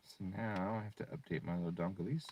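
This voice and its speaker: A man with a low, steady, darkish and slightly rough voice browses a tuning website on screen. He's a car tuner and streamer, casual and foul-mouthed, easily breaking into annoyed rants.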